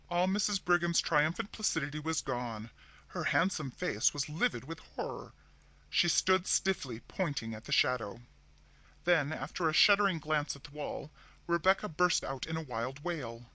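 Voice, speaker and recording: A man narrating a scripted horror story in a dramatic, expressive reading. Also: mid-range voice, normal speed, no echo.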